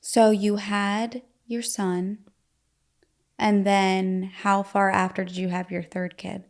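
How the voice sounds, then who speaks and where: Slow-talking woman, gravelly fry. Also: mid-range voice, little pitch movement. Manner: supportive listener, short affirmations. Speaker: podcast host. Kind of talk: casual interview.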